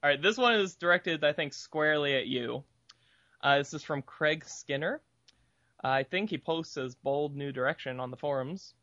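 Laughing podcast co-host, dry close sound. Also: male voice, on the high side, moderate pace, dry recording, dull audio. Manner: laughs often, relaxed. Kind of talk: casual podcast chat.

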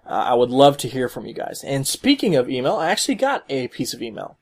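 A man's voice: mid-range voice, sing-song, quick pace, darkish tone. A man hosting a solo podcast, commenting in a rambling way with many fillers and restarts. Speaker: podcast host.

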